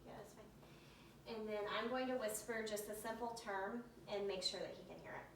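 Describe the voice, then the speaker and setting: A woman's voice: mid-range voice, fairly even intonation, normal speed. A woman methodically talking through a clinical physical exam step by step, with occasional fillers, in an exam room. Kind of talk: narrated step-by-step clinical demonstration. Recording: echoey room, distant mic, faint hum.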